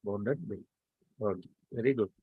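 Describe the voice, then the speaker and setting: Male math teacher, online lecture, coaxing and brisk, dry close-miked sound. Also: on the low side, breathy edge, no room sound, phone-quality sound. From India. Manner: coaxing students to answer quickly.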